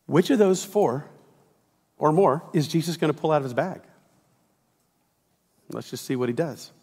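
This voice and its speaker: A middle-aged pastor preaches a conversational sermon, acting out bits of dialogue with lots of energy. His voice sits on the high side for a man, and it rings with a long church-hall reverb. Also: moderate pace, husky. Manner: animated and conversational, acting out quotes, sometimes shouting. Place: church auditorium.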